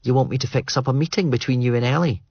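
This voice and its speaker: A man's voice: medium pitch, fast, darkish tone, husky, no echo, lo-fi sound, pitched above the performer's own voice. A man voicing a blunt, breezy young woman.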